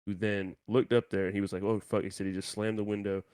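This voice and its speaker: A low-pitched man in casual podcast chat, spinning a crude, rambling anecdote in slangy asides. The sound is dry and close, with no room around it. He drifts quieter and lower as the story runs on. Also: level tone, fast, clear, resonant tone, no room sound. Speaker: podcast co-host.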